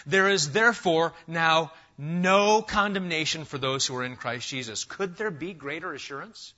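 A man preaching a sermon from the pulpit, building to loud, emphatic declarations. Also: a little high, lo-fi sound. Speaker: pastor.

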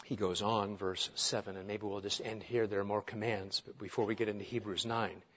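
A man's voice: lowish voice, flat delivery, a little fast, fairly bright tone. A male pastor preaching an earnest, emphatic sermon, asking his listeners rhetorical questions. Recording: dull lo-fi sound.

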